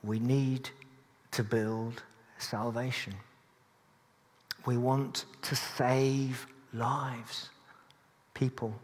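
A man preaching to his congregation, earnest and steady at a middling pitch, slipping in dry jokes at his own expense. His voice rings out into a church with a long, lingering reverb. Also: extremely slow, pauses often. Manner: earnest, with dry humorous asides. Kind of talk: sermon.

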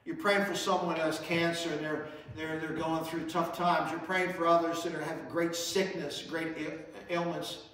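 A man's voice: a little high, little pitch movement, moderate pace, hardly any pauses, a bit bright, heavy reverb, distant mic, low-quality recording. A man preaching a sermon as pastor, his emphasis rising and falling. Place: church sanctuary.

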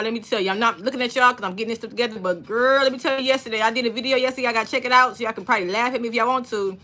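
A woman's voice: a little high, bright, forceful tone, slightly rough. A woman hosting a casual craft livestream from home, chatty and greeting viewers one by one by name. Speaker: livestream host.

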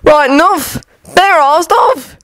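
A woman's voice: very high-pitched, expressive, slow, fairly bright tone, no echo, voice pushed up, full character voice. A woman voicing a gossipy male wizard barkeeper who snorts at the news. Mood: indignant.

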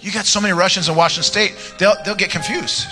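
Speaking fast in a high, steady voice that is bright and forceful, a guest preacher from the United States jokes his way through a sermon of personal stories, rambling playfully and laughing at his own humor. Long church-hall reverb and music come from the large sanctuary he's in.

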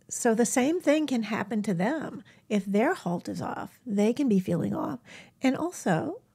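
A woman animal communicator giving casual, gentle self-help advice to camera, often dropping into a soft whisper. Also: medium pitch, slightly rough.

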